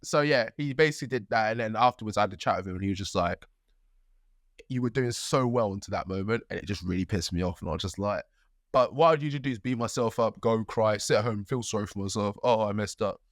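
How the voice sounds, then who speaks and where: A young man co-hosting a podcast, telling a story in a lively way with acted-out quotes. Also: lowish voice, fast, no echo, clean studio sound. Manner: animated storytelling, acts out quotes. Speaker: podcast co-host. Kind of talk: casual chat.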